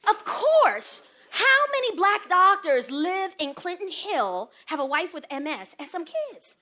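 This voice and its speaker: Brief: middle-aged woman, solo stage comic, very high bright voice, sassy and animated. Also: a little slow. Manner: animated, sassy storytelling with mimicry. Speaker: comedic solo performer. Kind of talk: one-woman stage show. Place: theater stage.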